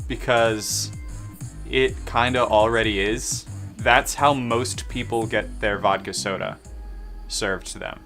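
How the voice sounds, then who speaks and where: A bartender streamer in his twenties with a Southern American accent mixes drinks while chatting and joking to himself, rambling with self-deprecating, jokey asides. His voice is on the low side, a bit bright and fairly even, and he takes it slowly, with faint music behind him.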